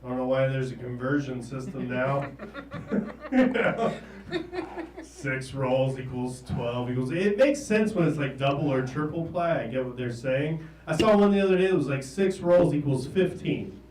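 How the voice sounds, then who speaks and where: A man in his thirties from the American South doing a stand-up set, halting and trailing off, often chuckling at his own jokes. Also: medium pitch. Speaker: stand-up comedian. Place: comedy stage in a small room. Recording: roomy, distant live room recording.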